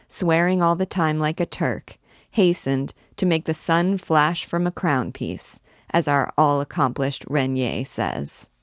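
A woman reading a classic novel aloud, measured and gently voicing the characters' lines. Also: sits low, no echo, studio quality. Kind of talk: book reading.

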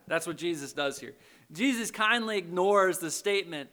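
A man's voice: fairly high pitch, pushed and bright. A man preaching a sermon in a conversational way, often checking in with his listeners. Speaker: pastor.

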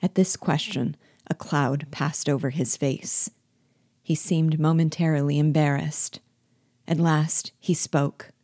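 A woman reading a novel aloud as its guide, in a steady, measured storytelling manner. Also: low voice, dry recording, studio quality.

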